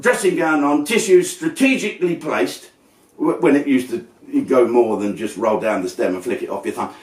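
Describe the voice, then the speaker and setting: A man's voice: mid-range voice, normal speed, recorded from a distance, soft background music. A man telling a crude, brash comic story, acting out the people in it. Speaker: comedian. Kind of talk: stand-up storytelling. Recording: roomy and off-mic.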